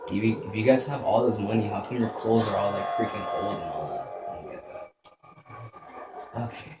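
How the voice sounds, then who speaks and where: A young man narrates his gameplay with a lowish voice, swearing and mocking the enemies as he plays. The room rings with echo, and a steady noise sits behind him. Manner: profane, joking, talks back at enemies. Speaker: gameplay commentator. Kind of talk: let's play commentary.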